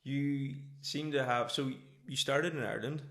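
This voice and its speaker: A man's voice: medium pitch, unhurried. Encouraging male host in an echoey room. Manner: relaxed, encouraging, many short backchannels. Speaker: podcast host. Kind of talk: casual podcast interview. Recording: roomy echo.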